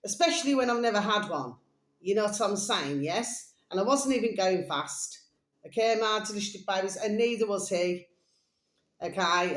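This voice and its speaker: A woman's voice: fairly low pitch, roomy sound. A woman chatting in a rambling, casual monologue, calling her listeners her little babies. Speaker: vlogger.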